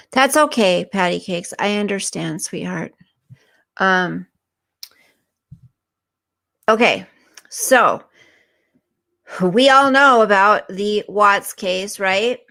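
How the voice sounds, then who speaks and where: A woman's voice: medium pitch, slow, creaky, long pauses, fairly bright tone. A woman hosting a casual livestream, chatting with viewers by name and sounding unwell and tired. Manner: chatty, answers chat comments by name. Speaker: livestream host reading viewer comments.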